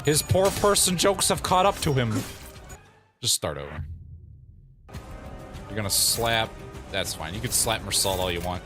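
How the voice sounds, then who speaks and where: Streamer man, lively, higher voice, joking commentary over game music. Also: measured pace, pauses often. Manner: joking, laughing, excitable. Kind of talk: let's play commentary.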